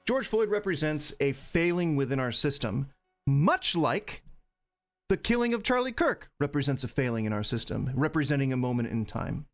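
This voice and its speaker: Male streamer host, pitch a bit high, swings wide when riled, cusses while ranting, music low behind. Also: very animated, normal speed. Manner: ranting, profane, rambling with restarts. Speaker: podcast host. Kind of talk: livestream commentary.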